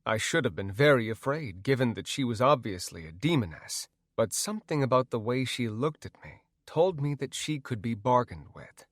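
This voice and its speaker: A man narrating a first-person audiobook in an expressive, storytelling way. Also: medium pitch, moderate pace, few pauses, no room sound, studio quality.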